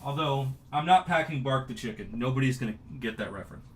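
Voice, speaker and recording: A man in his thirties from New Mexico, hosting a casual livestream and talking in an emotional, excitable, ranting way. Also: medium pitch, fast, a little hiss or hum. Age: 30s. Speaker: livestream host.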